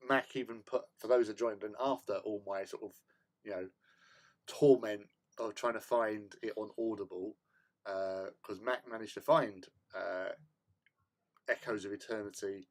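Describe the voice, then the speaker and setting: A man hosting a hobby livestream, chatting casually in a rambling, self-mocking way. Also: fairly low pitch. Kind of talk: casual chat.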